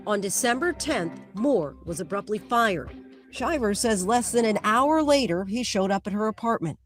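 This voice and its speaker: A woman narrating a scripted news report in a measured, crisp delivery. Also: medium pitch, animated, soft background music.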